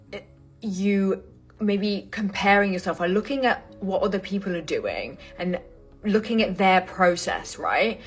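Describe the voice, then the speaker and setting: A woman giving an intuitive tarot reading to camera, talking casually, full of fillers and pausing to search for words. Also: fairly low pitch, slightly rough. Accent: not American. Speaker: tarot reader.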